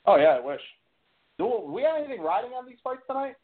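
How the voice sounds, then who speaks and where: A man's voice: very high voice, big pitch swings, quick pace. A man co-hosting a casual sports talk show, hyped and slangy. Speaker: podcast co-host. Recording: phone-like internet radio audio.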